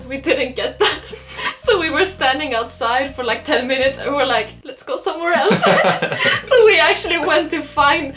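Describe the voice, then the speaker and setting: A young woman from Sweden chats as a podcast co-host, her voice sitting fairly high. She tells stories in a lively way, giggling often. Soft music plays faintly behind her. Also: normal speed. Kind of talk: casual storytelling chat.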